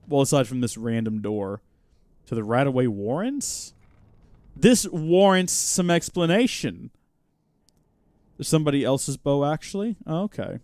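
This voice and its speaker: A man hosting a live game stream, chatting, joking and reacting out loud as he plays. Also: medium pitch, no echo. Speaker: host.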